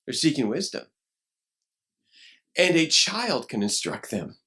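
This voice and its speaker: Male pastor, animated sermon delivery, lively swinging pitch, mid-range voice. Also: slow pace. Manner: animated, acts out quoted voices, rising to shouts. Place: church.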